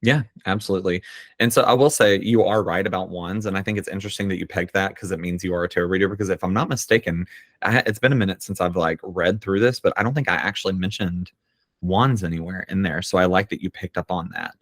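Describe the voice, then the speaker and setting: A man, a poet, chatting casually on a podcast, animated and quick to laugh. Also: sits low, no echo, studio quality. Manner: fast, animated, laughs easily. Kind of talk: casual chat.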